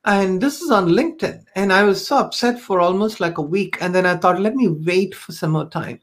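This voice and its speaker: A woman speaks as a guest on a podcast, recounting her own experiences in an earnest, reflective tone. Her voice sits at a medium pitch, and she often pauses with an um or a you know as she gathers her thoughts. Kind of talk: personal storytelling in conversation.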